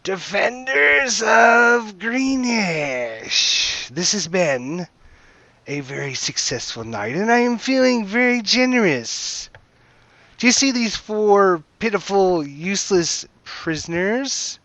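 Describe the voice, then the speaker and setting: A man voicing a towering, boastful half-dragon warrior who shouts taunts in a high, strained voice. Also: very animated, slow pace, no echo, heavily acted. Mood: taunting.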